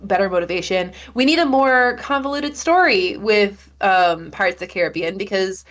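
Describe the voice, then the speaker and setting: A woman co-hosting a film podcast, talking through her views in long, quick run-on analysis with fillers. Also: medium pitch, a bit bright. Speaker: podcast co-host. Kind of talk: casual film discussion.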